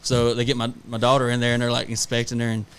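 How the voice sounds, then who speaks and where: A man with a drawl, co-hosting a laid-back podcast. He rambles through stories about his kids and his job, swearing freely and acting out the exchanges as he goes. The voice sits at an ordinary middle pitch. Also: completely flat delivery, fast talker, a bit bright, clean tone. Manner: profane, rambling storyteller who acts out family anecdotes. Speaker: podcast co-host. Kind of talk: casual podcast chat.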